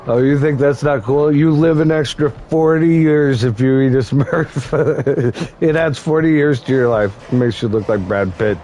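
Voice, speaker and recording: A man's voice: medium pitch, a little slow, mellow, a little hiss or hum. A man hosting a gaming channel, chatting casually while he plays, rambling and laughing at his own jokes. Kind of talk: casual chat while playing a game.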